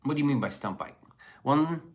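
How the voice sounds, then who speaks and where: A man's voice: a little high, animated, brisk. A man streaming live, reading chat messages aloud and riffing on them in loose, profane, casual talk.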